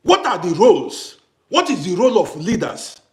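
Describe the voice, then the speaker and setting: A man from Africa rants straight to camera in a high, swooping voice. He fires off rhetorical questions and circles back over the same points again and again for emphasis. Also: wildly swooping pitch, normal speed. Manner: ranting, rhetorical questions, repeats himself. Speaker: vlogger. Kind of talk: impassioned monologue to camera.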